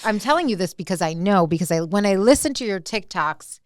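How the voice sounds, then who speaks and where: A woman's voice: mid-range voice, expressive, brisk, no room sound, studio quality. A woman co-hosting a podcast, chatting casually in a playful, gushing way with her friend. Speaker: podcast co-host. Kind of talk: casual chat.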